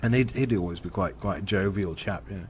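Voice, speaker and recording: A deep-voiced man narrates a driving game and drifts into a rambling story, his speech halting and crowded with fillers, repeated words and chuckles. A little hiss or hum is audible.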